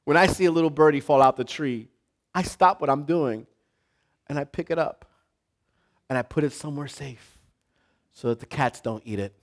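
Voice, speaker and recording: A male pastor preaching a sermon to a live congregation, building from quiet talk to shouting. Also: on the high side, moderate pace, pauses often.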